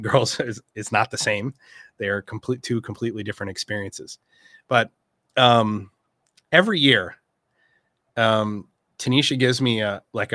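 A man's voice: on the low side, bright, forceful tone, no echo, studio quality. A man in his forties hosting a casual live session, talking loosely with many fillers and restarts, heartfelt when he speaks about family. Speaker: host of a members' live session. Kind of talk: casual live-stream talk.

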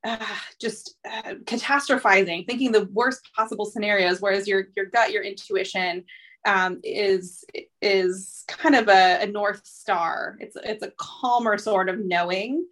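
Speaking at a measured pace, this woman has a steady, medium-pitched voice that's a bit bright. She's a therapist in her thirties hosting a podcast, talking in a thoughtful, reflective, casual way full of fillers.

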